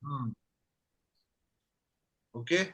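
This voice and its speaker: A man teaching a language class, repeating phrases slowly and patiently. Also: medium pitch, lively intonation, fairly bright tone, husky. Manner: repeats phrases slowly, says "that's it" often. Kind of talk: slow patient language lesson.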